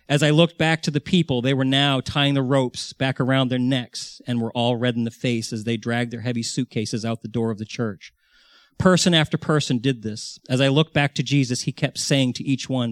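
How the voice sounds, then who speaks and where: An earnest man in his forties delivers a sermon, retelling a vision and his prayers to God. He often restarts and repeats words mid-sentence, and his voice sits at a middle pitch. The recording is dry and close. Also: fairly even intonation, moderate pace, dry recording. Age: 40s. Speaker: pastor.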